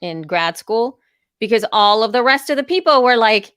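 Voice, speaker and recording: A woman co-hosting a podcast, talking in animated, storytelling casual chat. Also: fairly high pitch, normal speed, clear, resonant tone, dry recording, clean studio sound. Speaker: podcast co-host.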